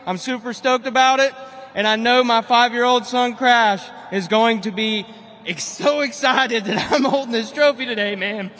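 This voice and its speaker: A man with a very high, bright voice shouts his thanks to a stadium crowd, his words ringing in the arena's long reverb. His speech is excited and eager. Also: normal speed, slight background noise. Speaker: monster truck driver. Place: big indoor stadium.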